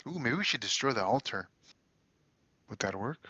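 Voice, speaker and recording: A man's voice: mid-range voice, lively intonation, moderate pace, sharp tone, husky, no room sound. A man playing in a tabletop game, eager and blunt, swearing and counting his moves aloud. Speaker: player. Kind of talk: casual chat during a tabletop game. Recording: dull, lo-fi stream audio.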